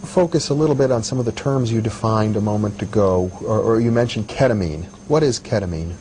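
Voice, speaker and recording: A man's voice: lowish voice, a little fast, a little mellow, a little hiss or hum, rough recording. A man interviewing, asking reflective questions with frequent restarts. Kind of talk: conversational interview.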